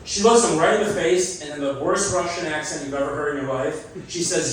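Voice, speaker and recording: Male stand-up comic, slightly high voice, roomy club sound, heard from a distance. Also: a little fast, a crowd in the background. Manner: self-deprecating, chatty, laughs at his own jokes. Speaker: stand-up comedian. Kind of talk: stand-up comedy set. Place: comedy club stage. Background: audience laughter and call-backs.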